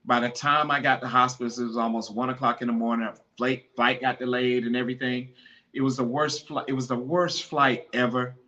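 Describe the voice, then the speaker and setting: A man hosting a podcast, urging listeners to honor their mothers and telling the story of losing his own, by turns fervent and hushed with grief. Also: medium pitch, flat delivery, fairly quick, lo-fi sound. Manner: impassioned, pleading, then hushed and grieving. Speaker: podcast host. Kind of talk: emotional personal storytelling.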